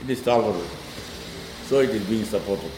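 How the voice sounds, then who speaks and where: A man patiently explains a classical poem line by line, reciting verse quickly in a sing-song way. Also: on the low side, reverberant, background noise. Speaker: teacher of classical poetry.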